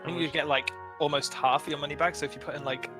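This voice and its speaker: A man's voice: on the high side, fairly even intonation, fast, music in the background. A man with a Northern English accent chatting and explaining things casually to friends during a game. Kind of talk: casual chat on a voice call.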